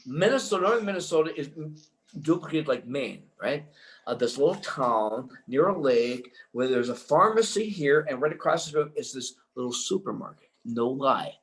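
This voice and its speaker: Excitable older man telling rambling stories. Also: medium pitch, normal speed, low-quality recording. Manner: excitable, rambling, full of restarts. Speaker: interview guest, filmmaker. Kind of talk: rambling anecdotal storytelling.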